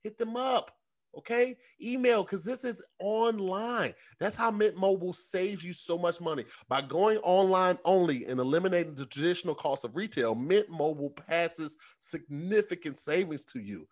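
A man co-hosting a podcast, talking loose and slangy. His voice sits a touch high. He riffs and repeats words for laughs, even during a sponsor read. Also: normal speed. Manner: animated, slangy, repeats words for comic effect. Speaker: podcast co-host. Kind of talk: casual chat and host-read ad.

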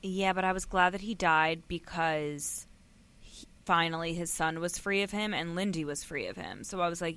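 A woman's voice: fairly low pitch, lively intonation, normal speed, fairly bright tone, smooth. Blunt, emphatic woman co-host. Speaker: podcast co-host. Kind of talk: casual book club chat.

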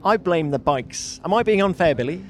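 Male host, bit higher voice, breezy trackside chat outdoors, teasing questions. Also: expressive, slight background noise. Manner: chatty, quick questions, teasing. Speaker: podcast host. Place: outdoors in a racing paddock.

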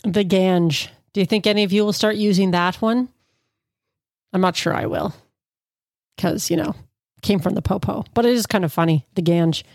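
A woman's voice: medium pitch, fairly quick, long pauses, no echo, clean studio sound. A woman hosting a podcast, chatting casually with playful asides while introducing listener submissions. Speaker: podcast host.

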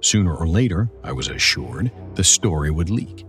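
A man with a very deep, low voice narrates a first-person horror story. His delivery is dramatic and measured, with soft music playing faintly under him. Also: big pitch swings.

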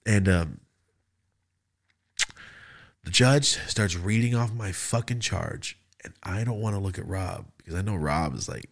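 A man hosting a podcast, telling a story in a casual, profane, animated way and acting out other people's lines. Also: low-pitched, measured pace, long pauses. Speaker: podcast host.

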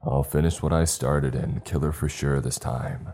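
A man voicing a hulking, rabid male beast-man villain who taunts and threatens in a deep voice. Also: fairly even intonation, normal speed, warm tone. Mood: menacing taunts.

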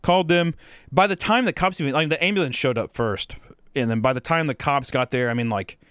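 A man's voice: mid-range voice, brisk, fairly bright tone, smooth, no room sound, clean studio sound. A young man co-hosting a podcast, telling a long story in a casual, rambling way with lots of fillers and swearing. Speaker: podcast co-host.

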